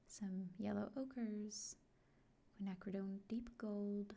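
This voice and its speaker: Soft, whispery woman with a gravelly edge. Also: mid-range voice, fairly even intonation. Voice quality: frequently whispered. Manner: slow, gentle and soft-spoken. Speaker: art vlogger. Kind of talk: soft-spoken unboxing vlog.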